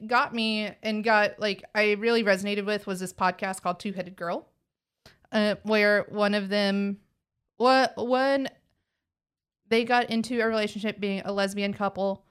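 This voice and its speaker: A young adult with a light Texan accent talks in a loose, rambling way, full of "like" and false starts. The voice is smooth and clean, sitting at a middle pitch. It suits relaxed podcast talk. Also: female voice. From Texas. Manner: rambling, halting, many fillers and restarts. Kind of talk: casual podcast conversation.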